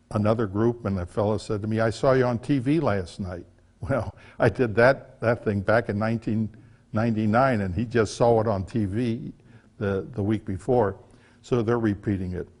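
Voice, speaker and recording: Older male author, low-ish voice, folksy chatty storyteller. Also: a little mellow. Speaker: author giving a talk. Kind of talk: casual storytelling talk.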